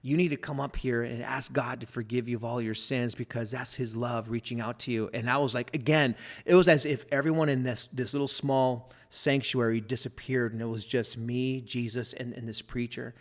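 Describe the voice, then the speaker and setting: A middle-aged man, a pastor, telling his personal story in a podcast interview, earnest and full of fillers, at times dropping to a hushed voice. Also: medium pitch, steady tone, normal speed, hardly any pauses.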